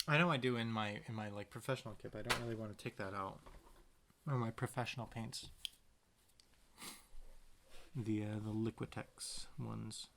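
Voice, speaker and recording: A man's voice: fairly low pitch, steady tone, normal speed, gravelly, long pauses, noisy background. A man casually narrating as he paints a tiny picture, rambling to himself with playful sound words. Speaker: painter and video maker.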